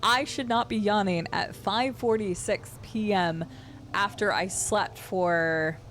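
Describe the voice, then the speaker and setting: A woman's voice: medium pitch, slow pace, fairly bright tone, a little hiss or hum. A woman streamer chatting casually and playfully with her viewers while playing a game. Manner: chatty, rambling, playful with chat. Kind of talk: casual chat while gaming.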